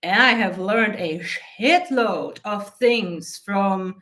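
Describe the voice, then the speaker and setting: A woman's voice: mid-range voice, slow, a bit bright. A woman coach hosting her own channel, talking casually to camera in a blunt, profane, often laughing way. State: teary eyes from allergy. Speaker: mindset coach and channel host.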